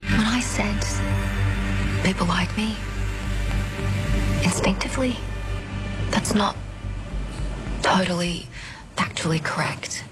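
An actress playing an earnest young woman in a film scene, speaking slowly in a breathy half-whisper. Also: mid-range voice. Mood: confiding. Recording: film clip with music under.

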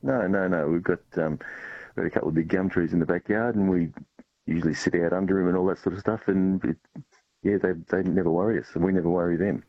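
A man calling in to a radio show, relaxed and halting with fillers, on a phone line. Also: low voice, breathy edge. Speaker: caller. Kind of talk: casual phone-in chat.

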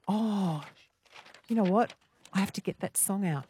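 A woman's voice: medium pitch, a little slow, long pauses, mellow, slight background noise. An Australian woman hosting late-night radio, teasing callers and bantering with a guest. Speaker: radio host. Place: radio studio. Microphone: studio microphone.

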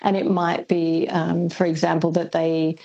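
A woman, a linguist, answering questions on a radio interview in a thoughtful, hesitant way with frequent pauses. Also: sits low, level tone, gravelly, dark tone, muffled recording. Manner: thoughtful, hesitant with many ums. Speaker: linguist guest.

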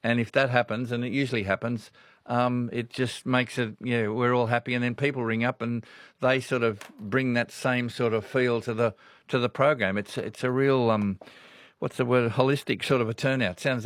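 A man's voice: medium pitch, dry recording. An older Australian man hosting a casual talkback radio show, chatty and rambling, laughing often. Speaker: radio host. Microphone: studio microphone.

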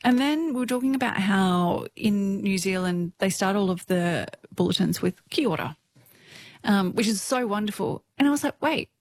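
A woman's voice: medium pitch, expressive, normal speed, dry recording. A woman with an Australian accent, telling stories casually as an interview guest, chatty and full of fillers. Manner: chatty, laughs often, many fillers. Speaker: radio newsreader, guest.

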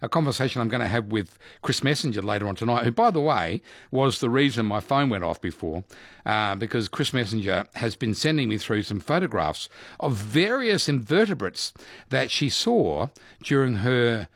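Male radio host running a quiz, animated and chatty, voice swinging up and down, dry close sound. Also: medium pitch, moderate pace, dry recording. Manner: animated, chatty, laughs often. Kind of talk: live radio quiz banter.

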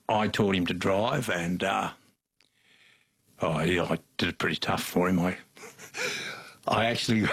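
A man's voice: lowish voice, fairly bright tone, breathy edge. An older man with an Australian accent, telling folksy stories as an interview guest, with frequent chuckles. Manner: folksy yarn-spinning, chuckles often. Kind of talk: casual storytelling.

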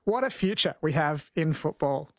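A man's voice: a little high, animated, normal speed, dry recording, clean studio sound. A man from New Zealand hosting a radio show and interviewing a guest in a friendly, conversational way. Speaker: radio host. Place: radio studio.

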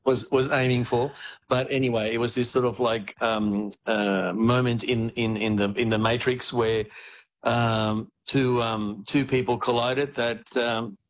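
A man talking about football as a guest, halting, with many fillers and restarts. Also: medium pitch, steady tone, muffled recording, slight background noise. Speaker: guest commentator on Spanish football. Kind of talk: casual radio-style chat.

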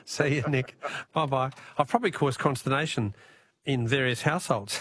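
A man's voice: medium pitch, normal speed, fairly bright tone. An Australian man hosting a radio talkback quiz in a chatty, jokey way, chuckling at himself between callers.

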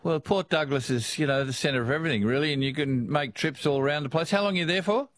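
A man hosting a talkback radio show, relaxed and friendly, laughing easily. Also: fairly high pitch, fast talker, no echo, studio quality. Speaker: radio host.

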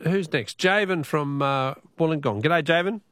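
A man's voice: fairly high pitch, moderate pace, fairly bright tone, no room sound. Male radio host, casual, reads texts and quizzes callers; dry studio sound. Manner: chatty, reads out listener texts. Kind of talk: late-night radio call-in quiz. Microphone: studio mic.

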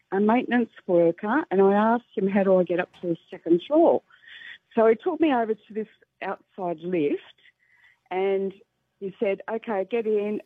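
An older woman phones in to a radio show. She tells her story in a lively way, often breaking into laughter. Her voice is a little husky and sits fairly high, and it comes through a tinny phone line in a dry sound. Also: no room sound. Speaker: caller. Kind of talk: telling an anecdote on radio call-in.

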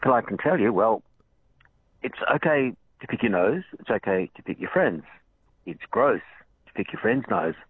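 A man calls into a radio show on a tinny, phone-like line that strips his voice down. He is low and husky, and he sets up his joke slowly and deliberately. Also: big pitch swings, dry recording. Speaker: radio caller.

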